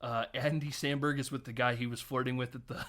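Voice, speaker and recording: A man co-hosting a casual film podcast, retelling scenes in an animated way with quick impressions and frequent laughs. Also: medium pitch. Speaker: podcast co-host.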